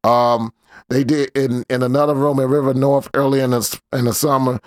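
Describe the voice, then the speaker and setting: A man's voice: mid-range voice, flat delivery, brisk, dry recording, clean studio sound. A man hosting a casual commentary show, talking in a loose slangy way with lots of fillers. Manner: laid-back slangy rambling, many fillers. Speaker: host.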